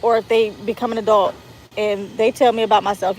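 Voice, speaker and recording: A woman's voice: medium pitch, level tone, brisk. A woman in her thirties talking earnestly and emotionally into a handheld phone, rambling with restarts in a casual vlog. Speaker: vlogger. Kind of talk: casual heartfelt monologue vlog. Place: out and about, walking into a store. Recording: phone recording with loud traffic noise.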